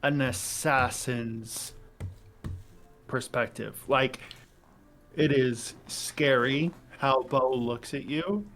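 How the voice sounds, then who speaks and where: A man playing in a tabletop game over a call, describing his character's actions. He speaks slowly, pausing and hunting for words. His voice sits at a middle pitch. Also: a bit bright. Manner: slow, halting, pauses to find words. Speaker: player. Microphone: online call microphone.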